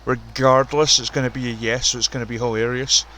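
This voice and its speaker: A man giving casual, profane, excitable commentary on a wrestling video game and ranting about the roster. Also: medium pitch, fairly quick, a little hiss or hum. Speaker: commentator and show runner.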